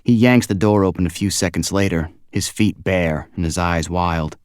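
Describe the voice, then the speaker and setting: A man narrating a first-person audiobook in a quiet, measured, inward way on a close studio mic. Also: low voice, clean tone, no room sound.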